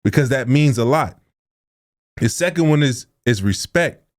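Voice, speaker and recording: A man's voice: medium pitch, lively intonation, unhurried. A young adult man co-hosting a podcast, talking casually and earnestly, with informal, preachy speech. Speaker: podcast co-host.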